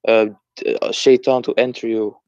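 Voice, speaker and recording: A man's voice: medium pitch, level tone, a little mellow, no room sound. Hesitant man on a muffled call. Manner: hesitant, defensive, halting restarts. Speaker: caller in a debate. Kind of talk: casual debate.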